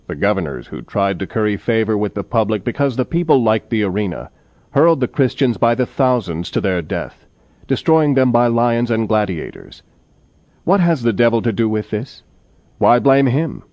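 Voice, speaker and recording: A man preaching in a measured, solemn way, his low voice rising and falling with wide, lively pitch. The recording is dull and lo-fi. It sounds dry, with no room echo. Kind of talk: sermon.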